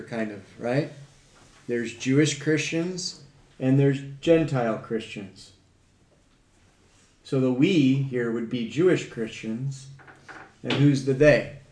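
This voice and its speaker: A man's voice: mid-range voice, animated, slow, long pauses, a little mellow. A man teaching a conversational Bible study, reading verses aloud and asking the group questions with emphasis. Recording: echoey room with faint background hum.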